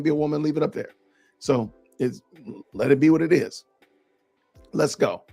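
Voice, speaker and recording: A man's voice: medium pitch, gravelly, a little mellow. A man hosting a podcast, reading out comments and answering them in an emphatic, sarcastic way. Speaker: podcast host.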